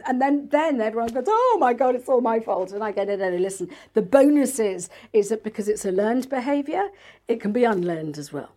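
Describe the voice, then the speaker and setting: Chatty woman, higher voice. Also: a little mellow. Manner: chatty, acts out quoted voices of parents and kids. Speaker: guest, NLP practitioner and author. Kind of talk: casual interview talk.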